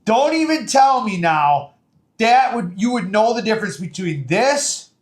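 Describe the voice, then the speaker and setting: Give me a chatty man walking through a recipe in his kitchen, fairly high voice, echo off the walls. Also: big pitch swings, a little slow. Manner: chatty, folksy, lots of fillers. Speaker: home cooking show host. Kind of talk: casual step-by-step cooking demo. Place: home kitchen.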